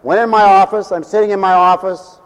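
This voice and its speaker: A man preaching a sermon as pastor, swinging between loud declarations and hushed, low storytelling. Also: steady tone, fairly quick, clear, resonant tone, in a large hall, rough recording.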